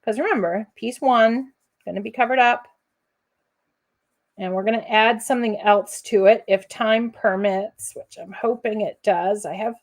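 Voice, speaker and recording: A woman's voice: on the high side, steady tone, measured pace. A woman hosting a live crafting demonstration, chatty and encouraging, addressing viewers as friends. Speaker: crafting host.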